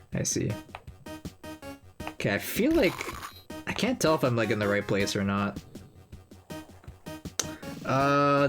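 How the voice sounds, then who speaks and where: Chatty young man with a lively, bouncy voice. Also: medium pitch. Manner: chatty, thinking aloud, slangy. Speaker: gamer playing through a game. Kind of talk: casual game commentary.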